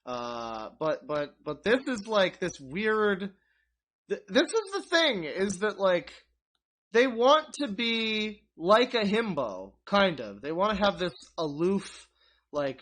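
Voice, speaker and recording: A man's voice: high-pitched, sing-song, takes it slowly, a bit bright. A young man streaming live, ranting sarcastically and swearing freely as he rambles through his commentary with restarts and asides. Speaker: streamer reacting to online content.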